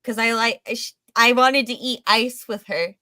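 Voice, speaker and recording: A woman trading quick, teasing banter on a casual podcast. Her voice is bright and crisp, and the recording is dry with no room sound. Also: on the high side, dry recording. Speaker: podcast co-host. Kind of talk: casual chat.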